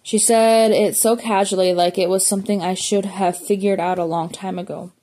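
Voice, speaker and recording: A woman's voice: mid-range voice, steady tone, moderate pace, mellow. A woman reading a memoir aloud as an audiobook, plainly, with small slips and self-corrections. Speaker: audiobook reader.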